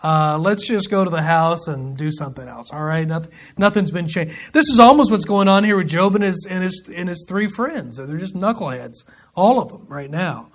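A man teaching a verse-by-verse Bible study, reading scripture aloud and breaking off for folksy, joking asides. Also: high-pitched.

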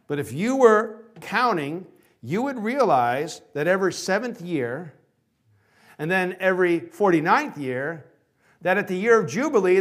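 High-voiced male preacher asking questions. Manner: preaching with rhetorical questions, swinging from loud to hushed. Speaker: pastor. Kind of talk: sermon.

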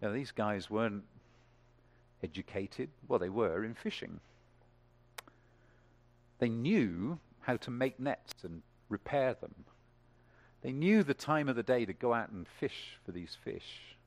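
A man preaching in church, his voice moving widely as he builds to emphatic peaks. His pitch sits in the middle range. He keeps asking the congregation questions and asking for hands up. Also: expressive, a little slow, long pauses. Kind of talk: sermon.

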